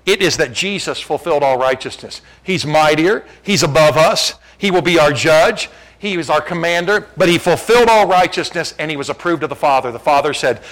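A man in his fifties preaching a sermon as pastor, fervent and emphatic, swinging from loud climaxes to quiet prayer. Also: fairly high pitch.

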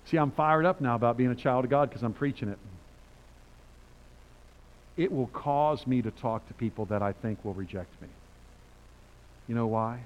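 Older man preaching a lively sermon. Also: mid-range voice, normal speed, long pauses, lo-fi sound, slight background noise. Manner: animated, conversational preaching with quoted voices.

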